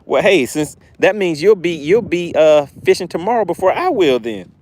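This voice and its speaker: A man's voice: sits high, lively intonation, moderate pace, a little mellow, slight background noise. A man with a Southern accent hosting a fishing livestream, chatting upbeat with viewers and reading out their comments. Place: outdoors fishing.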